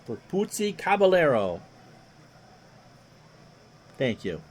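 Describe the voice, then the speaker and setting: A slightly high, slightly rough voice moves at a slow pace as this man calls play-by-play on a replayed baseball game. Between plays he jokes with chat, and otherwise reads stats in a steady stream.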